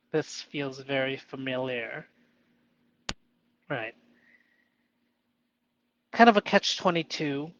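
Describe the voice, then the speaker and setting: A man talking alone about his inner state, halting and self-questioning, who sometimes argues playfully with a mock inner voice. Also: medium pitch, expressive, a bit bright, lo-fi sound. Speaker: vlogger reflecting on improv. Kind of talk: solo reflective monologue.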